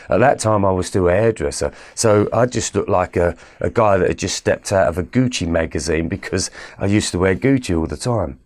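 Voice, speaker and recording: A middle-aged man recounting a personal story with animated storytelling, growing quiet and low at emotional moments. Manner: animated storytelling with quoted exchanges. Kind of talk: personal story told to camera.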